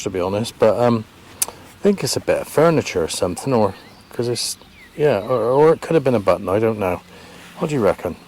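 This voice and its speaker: A man's voice: lowish voice, a little mellow, a little hiss or hum. A man vlogging his metal detecting in a farm field, thinking aloud in a hesitant, chatty way as he talks to the camera. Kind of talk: casual commentary to camera. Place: open farm field outdoors.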